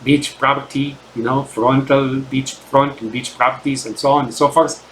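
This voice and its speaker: A man's voice: mid-range voice, steady tone, normal speed, a bit bright, slight background noise, low-quality recording. A man whose first language is Arabic gives a rambling, emphatic monologue to his viewers, often stopping to ask "right?". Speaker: channel host. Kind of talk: ranting monologue to camera.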